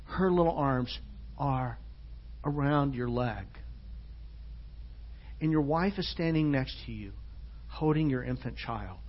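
A man preaching a sermon in a church. He is earnest, moving between hushed, soft passages and loud, emphatic ones. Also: medium pitch, takes it slowly, long pauses. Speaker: pastor. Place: church sanctuary. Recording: dull lo-fi church recording.

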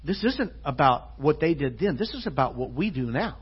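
Husky-voiced man preaching a sermon. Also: on the high side, big pitch swings, normal speed. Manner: earnest, swings from hushed to loud and emphatic. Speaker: pastor. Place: church sanctuary. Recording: dull lo-fi church recording.

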